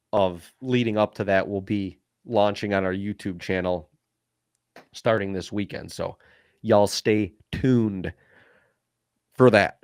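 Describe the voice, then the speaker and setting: A man co-hosting a podcast, telling a hunting story in casual chat, excited and full of "dude" and "like". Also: fairly low pitch, smooth, no echo, clean studio sound. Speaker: podcast co-host.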